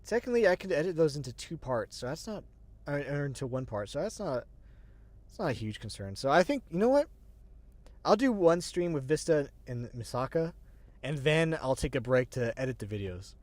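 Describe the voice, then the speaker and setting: An agender streamer chats casually at the end of a livestream, rambling, restarting sentences and laughing often. The voice sits at a middle pitch. It is recorded close and dry on a desk mic. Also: big pitch swings, brisk, a little mellow, no room sound. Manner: self-deprecating, restarts sentences. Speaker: streamer, show host.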